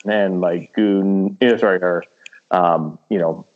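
A man's voice: low-pitched, fairly even intonation, unhurried, phone-quality sound. A man in casual chat about voice acting, rambling with many fillers and restarts. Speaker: podcast guest, aspiring voice actor.

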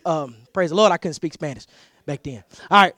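A man's voice: on the high side, brisk, dry recording. A pastor preaching a conversational sermon, telling personal stories, often repeating words as he restarts his sentences and acting out the people he quotes. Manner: animated storyteller who repeats words as he restarts; acts out quoted voices loudly.

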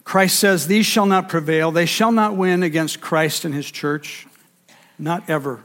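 A man with a fairly high voice preaching a sermon to his congregation. He builds emphatic, rhythmic runs of repeated phrases and lists, pressing each point home. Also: a little slow, fairly bright tone. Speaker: pastor.

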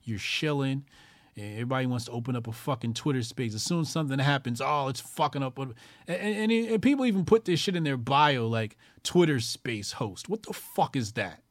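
A man's voice: mid-range voice, animated, a little fast, no echo. A man hosting his own commentary show, ranting crudely with constant swearing, mocking people and repeating lines for emphasis.

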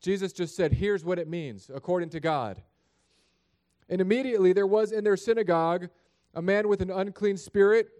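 A man's voice: high-pitched, moderate pace, darkish tone. A man preaching a sermon in a chapel, praying and reading scripture in an earnest, plain-spoken way that speaks straight to the congregation. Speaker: pastor.

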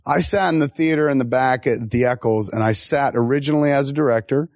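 A middle-aged man in a casual interview, telling animated stories and swearing freely. His voice sits at a middle pitch. The sound is dry, with no room echo. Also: fast talker. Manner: animated, profane storyteller who acts out quotes. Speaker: film director being interviewed.

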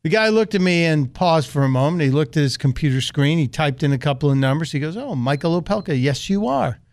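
Animated American male radio host. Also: a little high, quick pace, dry recording. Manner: animated, acts out quoted voices. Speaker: radio talk show host. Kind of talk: storytelling monologue.

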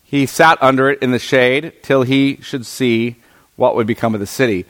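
A man's voice: mid-range voice, fairly even intonation, moderate pace, a bit bright. A man teaching a Bible passage to a group, reading verses aloud and then explaining them, checking in often with his listeners. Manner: reads scripture aloud, then explains it with frequent "right?" checks. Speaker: preacher.

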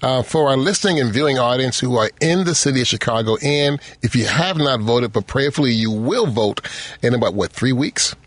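A man's voice: medium pitch, lively intonation, brisk, no room sound. A man hosting a talk show, teasing his guests and then speaking earnestly. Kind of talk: casual talk show chat.

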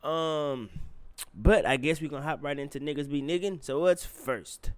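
A man's voice: fairly high pitch, moderate pace, clear, resonant tone, no echo. A man hosting a podcast in casual chat, blunt and profane, talking straight to his listeners. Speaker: podcast host.

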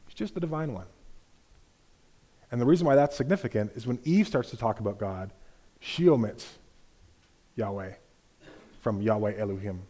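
Mellow-voiced man preaching a sermon. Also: lowish voice. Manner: explanatory, measured teaching with rhetorical asides.

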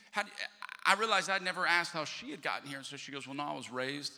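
A man's voice: mid-range voice, very fast, pushed and bright. A man preaching a sermon as pastor, chatty and joking with his congregation. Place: church sanctuary. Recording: long hall reverb.

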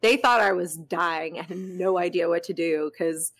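A woman's voice: lowish voice, moderate pace. A young woman hosting a podcast, telling a casual story with lots of swearing and frequent laughter. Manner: animated, swears freely, breaks into laughter. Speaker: podcast host.

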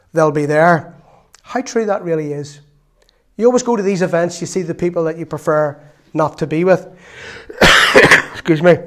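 A man preaching a sermon in a chatty storytelling way, with laughs and asides. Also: fairly high pitch.

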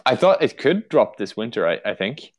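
A man's voice: mid-range voice, very animated, moderate pace. Swedish male podcast host, loose and rambling, swears freely, many fillers. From Sweden. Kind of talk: casual chat.

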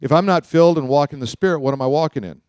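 Joking, animated male Bible teacher. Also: a little high, racing, no room sound, studio quality. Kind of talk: teaching sermon.

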